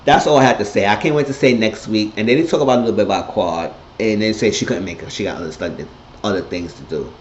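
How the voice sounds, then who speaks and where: A man recapping a TV episode in a casual monologue, blunt and profane, telling it with animated energy. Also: lowish voice, fast talker, slight background noise. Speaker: TV episode reviewer. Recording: echoey, dull lo-fi room sound.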